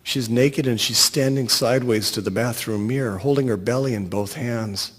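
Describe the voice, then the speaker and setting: A middle-aged man reading his own short story aloud in a dry, even storytelling manner. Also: medium pitch, normal speed, long reverb tail.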